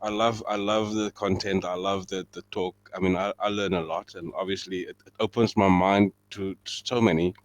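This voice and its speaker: A man with a deep voice in a casual football chat, earnest and supportive. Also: fairly even intonation, moderate pace, hardly any pauses. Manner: earnest, supportive, laughs easily. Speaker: podcast guest.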